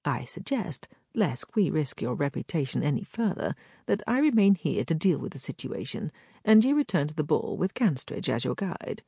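A courtly gentleman captain, all polished flattery and quiet scheming, read by a woman. The voice sits low and slightly husky, yet rises and falls with lively movement. The recording is dry and close. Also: no room sound, full character voice. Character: charming smooth-talking gentleman captain, scheming. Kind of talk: audiobook character voice.

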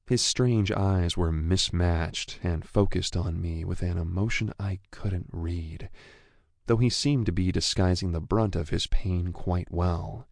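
Slow deep-voiced guy narrating a novel, gravelly, super dry close mic. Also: a little mellow, no echo. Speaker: audiobook narrator. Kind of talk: first-person scripted narration.

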